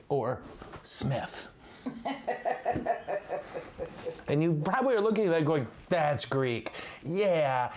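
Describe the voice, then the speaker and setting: A man's voice: mid-range voice, slight background noise. A man, a priest, giving a livestreamed teaching in a chatty, joking, digressive way. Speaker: priest teaching church history.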